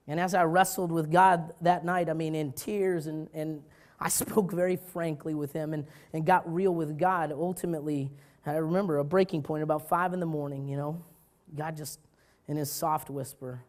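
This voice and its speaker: A male pastor preaching a sermon, telling stories with urgency that drops to hushed tones, often restarting his words. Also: fairly high pitch, normal speed. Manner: animated storytelling, swinging from loud urgency to quiet.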